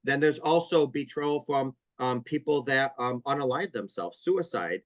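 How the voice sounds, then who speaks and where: A man's voice: medium pitch, animated, measured pace, no room sound, dull audio. A man speaking as a trauma counselor on an interview podcast, explaining earnestly with vivid stories and repeated emphasis.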